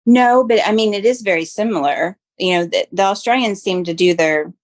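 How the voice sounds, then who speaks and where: A woman's voice: medium pitch, fairly quick. An American woman from Florida co-hosting a podcast, chatting animatedly and laughing often. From Florida, United States. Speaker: podcast co-host. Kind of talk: casual chat.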